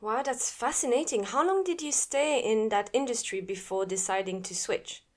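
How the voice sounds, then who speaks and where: A woman with a French accent hosts a podcast in a somewhat high, upbeat voice. She reads show announcements and asks her guest questions cheerfully. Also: moderate pace. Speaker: podcast host. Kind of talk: podcast host reading promos and interviewing.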